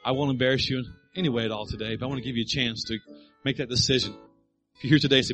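A man's voice: medium pitch, fast, fairly bright tone, faint music behind, poor audio. A middle-aged male pastor preaching a sermon, telling a family story and building to emphatic appeals.

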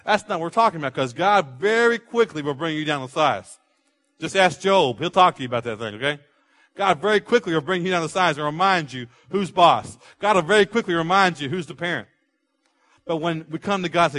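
A man preaching a sermon, animated, building rhythm with repeated phrases and acting out quoted voices. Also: a little high, fairly quick. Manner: animated preaching, acts out quotes with rising volume. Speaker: pastor.

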